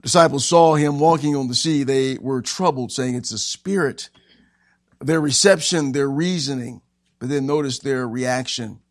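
A man preaching a sermon as pastor, animated and acting out the scenes he tells. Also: medium pitch, normal speed, dry recording, studio quality. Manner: animated, acts out scenes with shouting voices.

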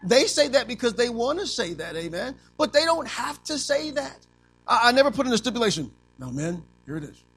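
A man preaching a sermon as pastor, animated, asking the congregation to finish his lines and acting out little scenes. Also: very high voice, brisk, soft background music. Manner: animated preaching with call-and-response questions; acts out little scenes in other voices.

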